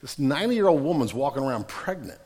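A man's voice: medium pitch, sing-song, fast, a little mellow, slightly rough. A male pastor giving a sermon in a casual, joking storytelling way with slang, heard with long reverb from a large hall.

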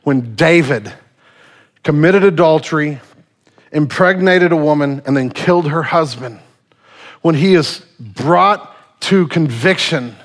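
A male pastor preaching a sermon in a casual, animated storytelling manner. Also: on the high side, takes it slowly.

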